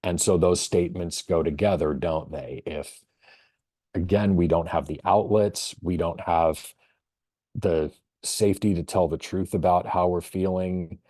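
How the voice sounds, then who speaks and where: A man, a veterinarian, presenting a professional webinar in a thoughtful storytelling manner with measured pauses. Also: deep voice, steady tone, warm tone, no room sound, clean studio sound.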